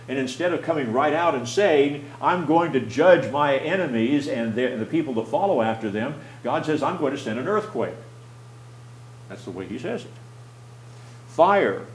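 A mid-pitched man leads a Bible class, explaining plainly and pausing to question his listeners. He often restarts his phrases as he thinks. The sound is roomy, with a faint hum beneath. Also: a little mellow.

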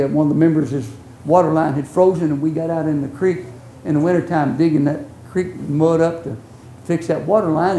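Folksy older preacher in an echoey church. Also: male voice, a little high, slight background noise. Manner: folksy, earnest, swings from loud to hushed. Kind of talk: sermon storytelling.

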